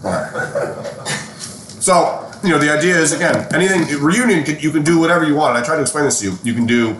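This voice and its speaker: A man's voice: fairly high pitch, animated, quick pace, fairly bright tone, echoey room, a little hiss or hum. A young man in his twenties co-hosting a casual podcast, joking and arguing his points in front of a live audience. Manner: joking, argumentative. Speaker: podcast co-host. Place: penthouse room before a live audience.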